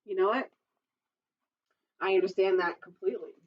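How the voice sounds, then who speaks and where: A woman's voice: mid-range voice, fairly even intonation, normal speed, distant mic, a little hiss or hum. A children's librarian, a woman, reading a picture book aloud at storytime and chatting playfully with the kids. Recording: dull lo-fi recording.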